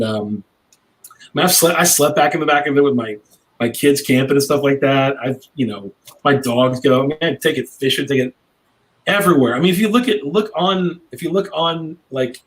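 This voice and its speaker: A man's voice: medium pitch, poor audio. A brash middle-aged man, a cigar maker guesting on a podcast, telling a long rambling story in casual chat.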